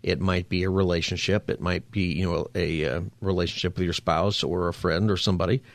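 Male talk radio host, low voice, dry studio mic, conversational. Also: fairly even intonation, fairly quick, vocal fry, dry recording. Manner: conversational, preachy, upbeat.

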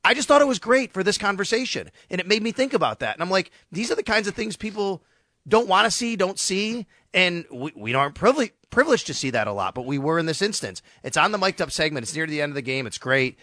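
Bright-voiced man hosting sports talk. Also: high-pitched, fast talker, no echo, clean studio sound. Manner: animated storytelling, acts out quotes. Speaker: sports radio host.

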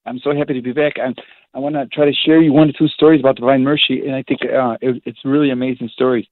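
Man, priest, quick rambling storyteller, phone-line sound, dry. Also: medium pitch, no echo. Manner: rambling, animated storytelling with restarts. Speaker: priest, guest. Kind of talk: casual storytelling on a phone-in show.

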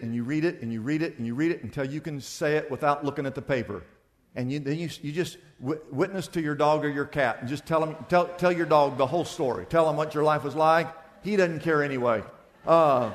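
A male pastor preaching a sermon, acting out back-and-forth dialogues in a lively, conversational way. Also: fairly high pitch, big-room sound.

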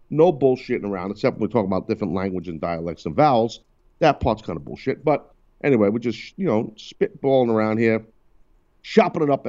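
A man's voice: mid-range voice, a little mellow, lo-fi sound. A man hosting a radio talk show, chatting loosely and teasing his co-hosts. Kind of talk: casual on-air banter.

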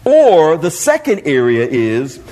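A male pastor gives an animated sermon to his congregation in church, often repeating and restarting words. His voice is fairly high, and he takes his time.

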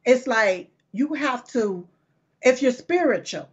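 A woman hosts a political talk show with a fiery, folksy, emphatic delivery. Her voice sits on the high side. The recording sounds dull and muffled. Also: animated, slow pace, slightly rough.

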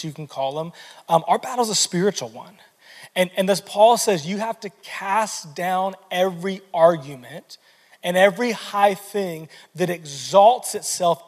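High-voiced man preaching in echoing hall. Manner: energetic, conversational preaching with many repeated words. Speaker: pastor. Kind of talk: sermon. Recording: long hall reverb.

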